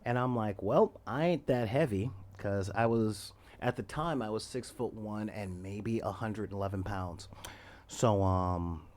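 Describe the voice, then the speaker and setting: A man in his forties telling a story in a loose, rambling way, often laughing and acting out the quoted lines loudly. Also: lowish voice, fairly even intonation, unhurried, a little hiss or hum. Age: 40s. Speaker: podcast host. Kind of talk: casual storytelling.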